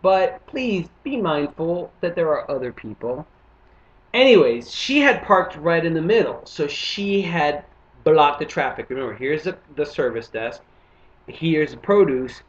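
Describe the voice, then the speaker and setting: A man from Panama doing stand-up, telling a story and acting out other people's lines. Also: on the high side. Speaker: stand-up comedian. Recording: muffled lo-fi recording.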